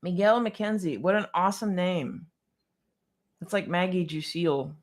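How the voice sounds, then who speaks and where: A woman's voice: lowish voice, a little slow. A woman piano technician answering viewer questions on a casual livestream, chatty and a bit scattered, with frequent restarts and laughter.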